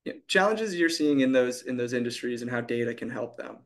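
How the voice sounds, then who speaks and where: A man moderating a panel, asking questions in a halting way with many fillers. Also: mid-range voice, expressive.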